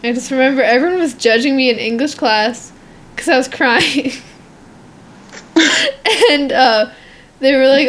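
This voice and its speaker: A woman's voice: high voice, normal speed, long pauses, a bit bright. A teenage girl co-hosting a podcast, chatting casually, rambling with lots of fillers and giggles. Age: teens. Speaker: podcast co-host. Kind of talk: casual chat.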